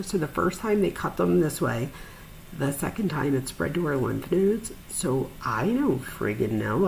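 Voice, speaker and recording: A woman telling a personal story in a chatty, animated way, with frequent fillers and sudden high-pitched asides. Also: vocal fry, a little hiss or hum, rough recording. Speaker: podcast host, psychologist.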